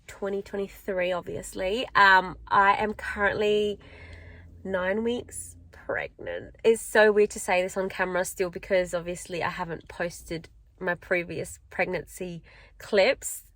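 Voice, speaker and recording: A woman's voice: mid-range voice, a bit bright. A young woman talking casually to a handheld camera, rambling and chatty, full of "like" and "um". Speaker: vlogger.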